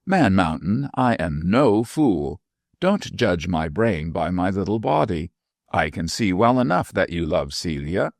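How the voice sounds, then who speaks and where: Man playing a shrill tiny dwarf woman, sly, teasing, gravelly, lively swings in pitch, storybook. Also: a little slow, no echo, studio quality, heavily acted. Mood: sly, scolding. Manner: sharp, teasing, whimsical. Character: tiny shrewd mischievous old woman dwarf.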